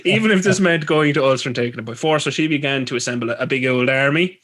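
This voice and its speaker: Speaking quickly in a mid-range, fairly bright voice, a man with an Irish accent hosts a podcast of comedic storytelling. He retells folklore through rambling, crude jokes along the way.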